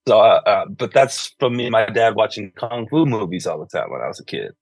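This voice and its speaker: A man being interviewed about his music, talking loosely and filling pauses with "you know". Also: lowish voice, big pitch swings, no echo. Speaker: musician guest. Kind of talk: conversational interview.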